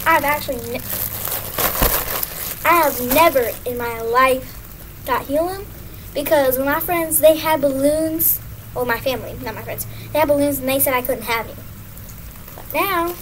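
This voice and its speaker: A woman's voice: moderate pace, long pauses, a little hiss or hum, poor audio. Young girl vlogging on a back porch. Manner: giggly, excitable, high squeaky helium voice. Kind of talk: casual vlog. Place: back porch at night, outdoors.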